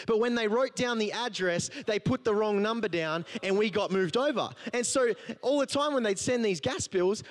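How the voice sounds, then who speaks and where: A man preaching a sermon, telling a personal story in a conversational, humorous way. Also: high-pitched. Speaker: pastor.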